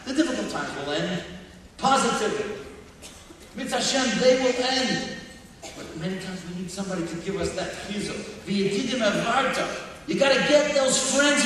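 A man giving a sermon as a guest speaker, talking emphatically and building up to shouts. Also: high voice, a little hiss or hum. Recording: distant echoey hall.

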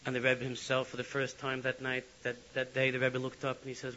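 A man giving an animated sermon full of storytelling, on a lo-fi recording with faint hiss. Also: mid-range voice, fast. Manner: animated, swinging from loud to hushed. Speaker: religious speaker.

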